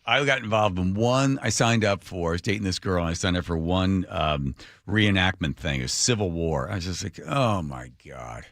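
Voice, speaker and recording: Lively radio guy on a studio mic, bright voice, dry sound, jokey storytelling. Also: low-pitched, normal speed, no echo. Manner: storytelling, animated, joking. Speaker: radio host. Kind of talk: casual radio banter.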